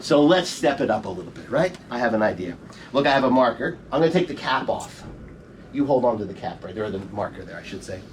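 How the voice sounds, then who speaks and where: A man's voice: mid-range voice, big pitch swings, quick pace. A middle-aged man performing a comedy magic show on stage, bantering and teasing volunteers as he leads each trick. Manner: playful, teasing audience banter. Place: theater show room, recorded from the audience. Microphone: audience member's camera from the front row. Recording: distant stage voice with faint room noise.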